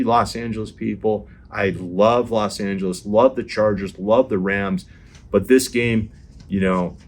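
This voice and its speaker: Excitable man giving football picks. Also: on the low side, a little hiss or hum. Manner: excitable, addresses viewers directly, repeats himself. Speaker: NFL show host and analyst. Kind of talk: sports predictions monologue.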